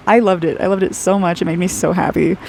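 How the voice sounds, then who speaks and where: Young woman rambling through an aura reading, lots of "like", bit of vocal fry, faint hiss behind her. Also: lowish voice, steady tone, fairly quick, a little mellow. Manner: chatty and rambling, full of "like", laughs often. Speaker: aura reader and artist. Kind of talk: casual intuitive reading while drawing.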